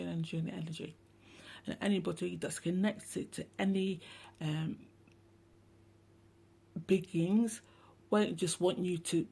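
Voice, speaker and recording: Gravelly, husky woman ranting bluntly. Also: fairly low pitch, dark tone. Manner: rambling, blunt, sweary and sarcastic. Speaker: spiritual channel host. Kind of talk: casual spiritual monologue.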